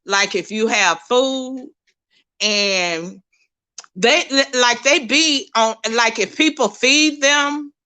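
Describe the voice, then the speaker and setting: A middle-aged woman, chatting with viewers on a livestream in a folksy, animated way. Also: on the high side, slow. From Texas, USA. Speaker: livestream host. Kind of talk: casual chat with viewers.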